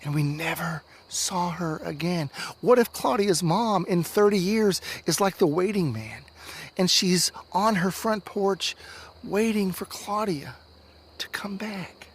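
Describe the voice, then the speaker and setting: A man's voice: high voice, animated, takes it slowly, slight background noise. A man voicing a sixth-grade boy's inner thoughts and calls while he searches through a snowstorm in a read-aloud story. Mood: anxious. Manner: inner thoughts, sometimes calling out. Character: sixth-grade boy lost in a snowstorm, earnest.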